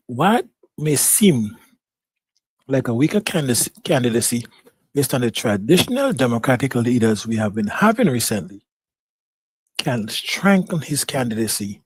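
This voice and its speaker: Husky man on a news panel, measured counterpoint, dry sound. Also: medium pitch, a little mellow, no room sound. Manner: measured, argues the other side. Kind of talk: live podcast panel discussion.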